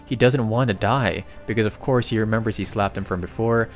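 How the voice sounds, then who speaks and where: A man narrating a comic recap in a casual, excitable way, often breaking into exclamations. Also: lowish voice, fairly quick, faint music behind.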